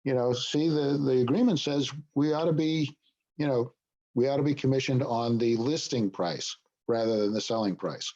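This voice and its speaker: A man's voice: mid-range voice, normal speed, warm tone, muffled recording. A man leading a business broker training, explaining points and checking in with "okay?". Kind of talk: training session talk.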